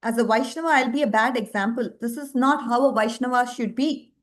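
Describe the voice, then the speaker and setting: Brief: earnest old man fretting over a promise, high-voiced, told by a woman storyteller. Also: brisk, lightly acted. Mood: troubled. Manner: earnest, troubled. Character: anxious, devout old man keeping his word.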